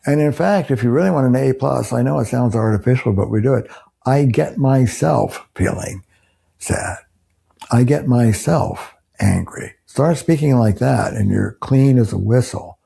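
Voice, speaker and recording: A man's voice: mid-range voice, animated, unhurried, gravelly, warm tone, breathy edge. An older man, a couples therapist, earnestly explaining ideas to camera and acting out example phrases. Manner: earnest, emphatic, acts out example quotes.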